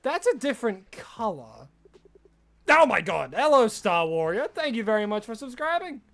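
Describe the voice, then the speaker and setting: A game streamer rambling jokily during a live stream and bursting into excited shouts at lucky finds. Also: mid-range voice, normal speed, faint music behind.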